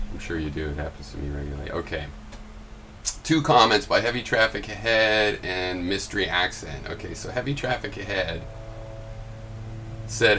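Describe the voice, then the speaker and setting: A man's voice: low voice, sharp tone, a little hiss or hum, rough recording. A man recording a casual vlog at his computer, thinking aloud with many restarts and answering critics with pointed questions. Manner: argumentative, rising to pointed questions. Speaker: video blogger. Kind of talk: casual off-the-cuff commentary.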